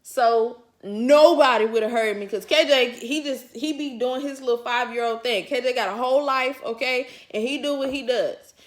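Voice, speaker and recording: A woman's voice: fairly high pitch, normal speed, hardly any pauses. A woman vlogger telling a personal story to her viewers in casual, colloquial chat, chuckling often as she talks. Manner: talks straight to the audience.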